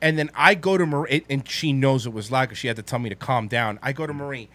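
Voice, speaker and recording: A man telling a story in casual chat, animated and profane, with lots of restarts. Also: medium pitch, quick pace.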